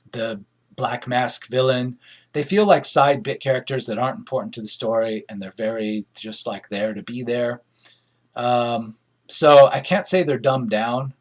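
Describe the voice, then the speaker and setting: Middle-aged guy from northern california ranting about a movie, casual and rambly, lots of ums, average pitch. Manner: rambling and opinionated, many fillers and restarts. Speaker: movie reviewer. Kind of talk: casual spoken film review.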